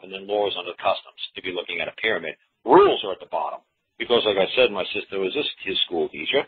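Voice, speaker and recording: A man talking casually on a radio show, rambling and emphatic, repeating himself and acting out other people's lines. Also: lowish voice. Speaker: talk show guest explaining common law. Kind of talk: casual phone-in radio talk. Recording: tinny phone line, husky.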